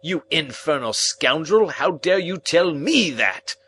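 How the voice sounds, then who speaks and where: A man voicing a stern, bullying older lawyer in an audiobook reading, barking harsh, forceful commands. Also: mid-range voice, big pitch swings, unhurried, a little hiss or hum, voice pushed up. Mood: furious.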